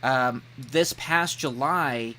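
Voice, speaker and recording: A man hosting a casual podcast chat, an animated storyteller who breaks into loud mock voices. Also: medium pitch, very slow. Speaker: podcast host.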